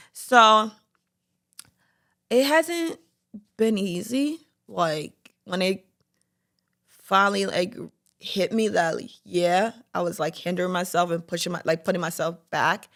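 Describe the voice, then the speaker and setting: Candid young woman with gravelly fry. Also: lowish voice. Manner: candid, lots of "like" fillers, animated quoting. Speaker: podcast host. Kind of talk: personal faith testimony, casual talk.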